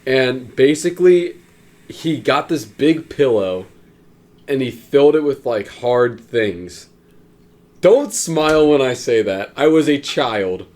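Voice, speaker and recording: A man's voice: medium pitch, animated, takes it slowly, darkish tone. A young man co-hosting a podcast, telling a childhood story in a dry, rambling way. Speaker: podcast co-host. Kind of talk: casual chat. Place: room with a pool table.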